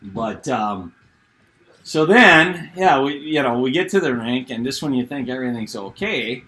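A middle-aged man and former hockey player, telling a story in casual chat, animated and laughing as he goes. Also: mid-range voice, unhurried.

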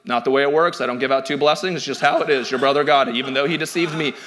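A man's voice: medium pitch, fairly even intonation, racing, a bit bright, voice pushed down, close to an everyday voice. A man voicing a stern, old, blind, dying father who refuses to change his mind.

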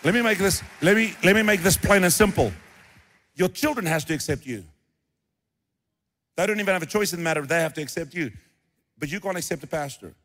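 A man's voice: high voice, lively intonation, brisk, long pauses, fairly bright tone, big-room sound. A middle-aged man preaching a sermon, acting out the voices of biblical figures as he tells the story. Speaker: pastor.

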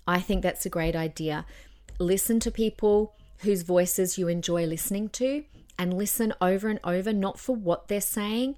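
A woman's voice: mid-range voice, normal speed, dark tone. Chatty woman hosting a coaching podcast. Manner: chatty and encouraging, demonstrates tones with her own voice. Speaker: podcast host. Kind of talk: solo podcast talk, speaking coaching.

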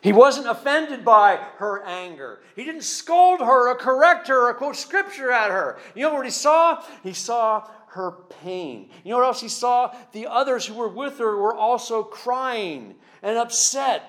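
A man's voice: very high-pitched, animated, measured pace, hardly any pauses, a bit bright. A man preaching as a pastor, speaking conversationally with repeated words and emphatic rises. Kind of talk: sermon.

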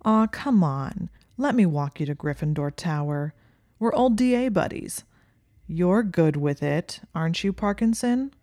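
A woman voicing a smooth, insincere teenage boy who wheedles and pushes. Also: fairly low pitch, expressive, a little slow, dark tone, no room sound, clean studio sound. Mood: wheedling. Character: smooth insincere young male student, wheedling.

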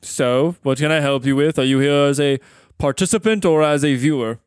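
A man voicing a small, red-haired, droopy-eyed sledding attendant who talks like a brisk, matter-of-fact clerk. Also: a little high, smooth, dry recording, clean studio sound, lightly acted.

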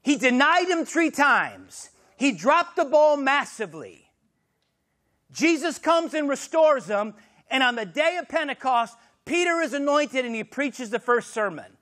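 A man preaching a sermon as pastor, swinging from shouted exclamations to hushed, intimate lines. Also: very high-pitched, very animated, measured pace.

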